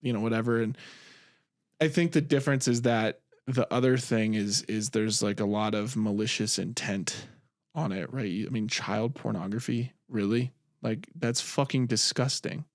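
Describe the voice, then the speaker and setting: A man's voice: on the low side, normal speed, no room sound, studio quality. A young man co-hosting a podcast in casual chat, swearing freely and telling stories with energy. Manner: swears freely, animated storyteller. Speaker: podcast co-host.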